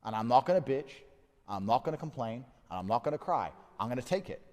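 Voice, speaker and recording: A man's voice: mid-range voice, very animated, fast, a little mellow, long reverb tail. Blunt, profane man in his thirties. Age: 30s. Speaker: fighter reflecting on a loss. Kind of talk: candid monologue.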